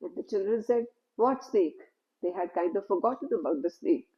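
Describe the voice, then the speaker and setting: A woman telling a spiritual story in a gentle, unhurried, conversational way. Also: mid-range voice, dull audio.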